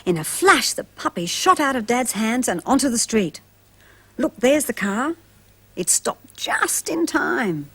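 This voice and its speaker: Woman storyteller for kids, husky voice, slow and sing-song delivery. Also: fairly high pitch. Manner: gentle, expressive, addresses children directly. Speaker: children's storyteller. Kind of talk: storybook narration for children.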